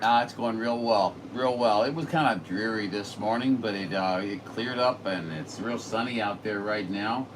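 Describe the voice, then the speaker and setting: A man's voice: lowish voice, normal speed, hardly any pauses. A man chatting casually as a radio operator, rambling and folksy with lots of fillers. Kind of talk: casual chat. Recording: distant mic with noisy room.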